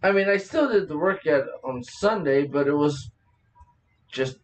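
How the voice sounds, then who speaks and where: Man, podcast host, casual chat, rambling, laughs a lot, swears, slightly high voice, distant from mic. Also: animated, measured pace.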